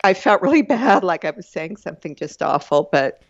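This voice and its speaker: Older woman guest, soft and hesitant, muffled dry recording. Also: fairly low pitch, big pitch swings, brisk, vocal fry, no echo. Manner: soft-spoken, hesitant, laughs often. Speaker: guest, the host's mother. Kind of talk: casual chat. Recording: dull lo-fi sound.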